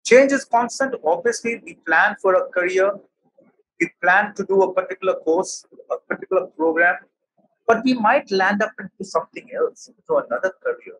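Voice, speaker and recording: A man's voice: sits high, normal speed, fairly bright tone, low-quality recording. A man with an Indian English accent, a professor giving an emphatic motivational talk. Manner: emphatic, storytelling.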